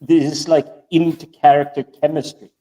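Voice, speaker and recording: Mellow-voiced man, rambling chat. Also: fairly high pitch, little pitch movement, moderate pace. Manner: rambling, stammers and repeats words. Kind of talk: casual chat. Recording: distant from the mic.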